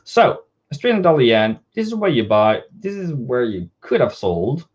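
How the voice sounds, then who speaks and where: A man's voice: mid-range voice, very animated, moderate pace. A man giving a live forex market analysis, talking casually and directly to his viewers. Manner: casual, direct, talks to viewers as "bro" and "my brother". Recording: dull lo-fi stream audio.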